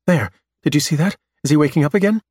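A man voicing a sharp-tongued young woman who sounds snide and uneasy. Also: a little high, quick pace, dry recording, studio quality, voice pushed up, natural voice. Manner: snide, anxious questions.

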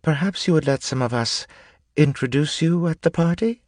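A man voicing a timid, soft-spoken young noblewoman with a hesitant, pleading manner. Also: on the high side, normal speed, dry recording, studio quality, voice pushed up, lightly acted.

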